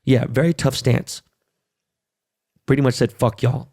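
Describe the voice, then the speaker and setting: A man's voice: medium pitch, steady tone, unhurried, vocal fry, a little mellow, dry recording, studio quality. A middle-aged man hosting a podcast, ranting in a casual, profane and emphatic way. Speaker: podcast host. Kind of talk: casual monologue.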